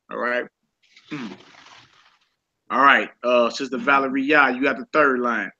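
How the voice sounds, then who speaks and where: A man's voice: mid-range voice, fairly even intonation, unhurried, long pauses, sharp tone. A man leading a casual group lesson in a laid-back, colloquial way, often repeating himself. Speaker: Hebrew teacher. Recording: dull lo-fi recording.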